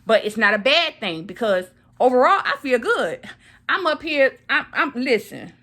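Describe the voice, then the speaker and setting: A woman's voice: a little high, big pitch swings, moderate pace, pushed and bright. A woman in her thirties talking casually to camera, recovering from surgery and repeating phrases for emphasis. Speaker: vlogger.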